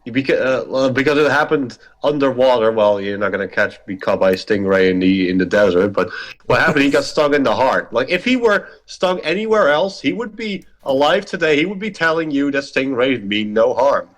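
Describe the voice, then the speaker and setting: A man's voice: mid-range voice, expressive, moderate pace. Chatty man in casual banter. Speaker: podcast co-host. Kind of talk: casual chat.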